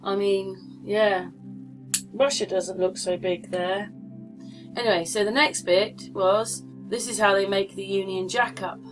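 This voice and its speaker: A woman with a mid-pitched voice talks casually to her viewers, rambling from one point to the next. She keeps asking questions like she's chatting with a friend. Soft music sits faintly underneath. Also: steady tone, unhurried. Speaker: vlogger. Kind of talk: casual rambling commentary over maps.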